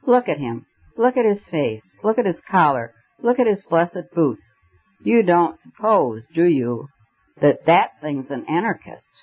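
A man reading the lines of an excitable young male poet-detective, emphatic and fiery. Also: on the high side, unhurried, husky, narrow, tinny audio, pitched above the performer's own voice, exaggerated voice. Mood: roaring.

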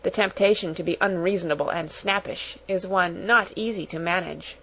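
A woman narrating a children's storybook aloud in a measured, even-paced way. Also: on the low side, slight background noise, low-quality recording. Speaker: audiobook narrator. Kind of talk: storybook reading.

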